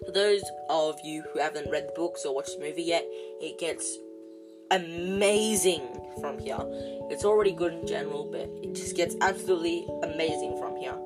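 A woman reading a novel aloud chapter by chapter, halting often with restarts and fillers. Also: low voice, over music. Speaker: storybook reader.

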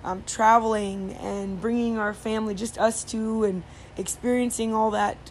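A woman's voice: a little high, steady tone, normal speed. A woman telling a story in casual chat, rambling with many fillers and restarts, over faint background noise.

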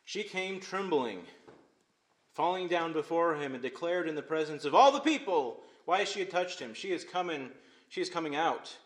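A male pastor preaching a sermon, swinging between emphatic loud phrases and hushed, quiet ones. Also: on the high side, lively intonation, moderate pace. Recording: echoey room.

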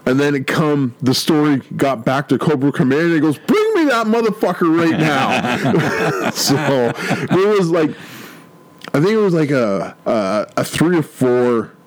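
A podcast co-host with an expressive, medium-pitched voice rambles through a comic book story in casual chat, restarting often and doing quoted voices. He speaks at a normal speed, and the recording is rough with no room sound.

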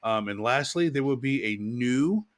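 A man co-hosting a podcast, chatting casually with an animated, joking delivery and frequent laughs. His voice sits at a middle pitch, recorded close and dry with no room sound. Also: measured pace, no room sound. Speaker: podcast co-host. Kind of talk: casual chat.

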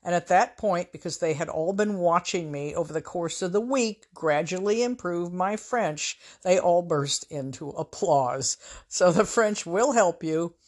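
A woman's voice: fairly low pitch, measured pace, darkish tone. A woman from the US Pacific Northwest telling casual anecdotes in a wry, conversational, self-mocking way as host of her own storytelling show.

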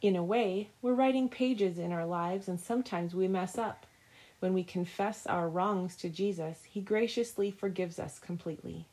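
A woman guest reading the mother's lines of a children's devotional story aloud, in a gentle, steady way. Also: on the low side, normal speed, poor audio. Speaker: guest reader.

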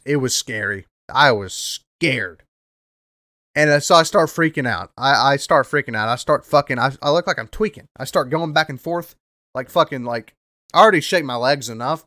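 A young man hosting a podcast, telling a story in a rambling, profane way, repeating himself and bursting into loud rants. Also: mid-range voice, no echo, clean studio sound. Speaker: podcast host. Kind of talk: casual storytelling monologue.

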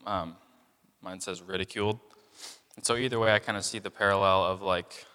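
With a low, steady, sharp yet smooth voice at a moderate pace, a young man preaches a casual sermon full of fillers. He acts out how people in his story reacted, and a long reverb tail trails his words.

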